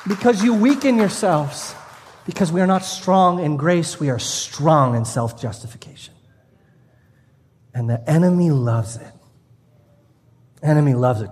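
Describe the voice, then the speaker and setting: A man's voice: a little high, unhurried, long pauses, a little mellow. A male pastor preaching a sermon to a live congregation, conversational and humorous at times, then earnest and passionate. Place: church sanctuary. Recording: long hall reverb from a church room.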